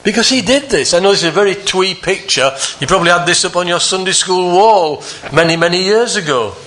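A man preaching a sermon, earnest, climbing higher for emphasis and dropping soft on the quieter phrases. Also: animated, a little fast.

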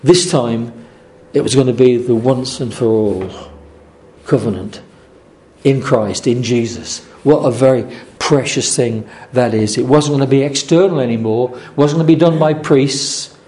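A man's voice: mid-range voice, a little slow, darkish tone. A man preaching a sermon earnestly, repeating his phrases and restarting often.

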